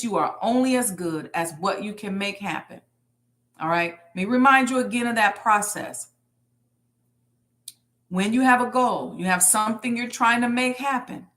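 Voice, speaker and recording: A woman's voice: medium pitch, a bit bright. A woman teaching manifestation to a live online audience, repeating her key lines like a preacher.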